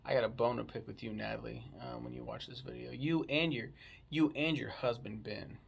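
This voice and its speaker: A man's voice: mid-range voice, steady tone, a little fast, gravelly, husky. A man casually chatting about a book he read, rambling and swearing freely. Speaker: book reviewer. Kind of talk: casual book review chat.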